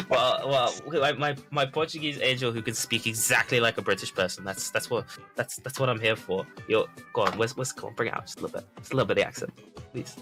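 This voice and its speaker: A man commentating a live esports match, chatty and quick, often repeating words. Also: medium pitch, animated, sharp tone, soft background music.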